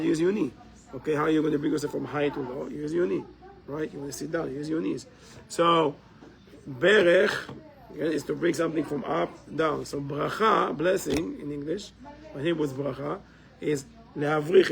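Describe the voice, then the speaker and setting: Gravelly man teaching a class. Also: a little high, low-quality recording. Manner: explains step by step, keeps checking in with "right?". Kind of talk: live class lesson. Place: community center classroom.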